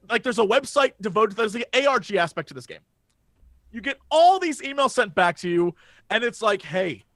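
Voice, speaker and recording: A man co-hosting a podcast in casual chat, telling a story with excitable energy and plenty of swearing, speaking into a studio microphone. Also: extremely high pitch, dry recording. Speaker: podcast co-host.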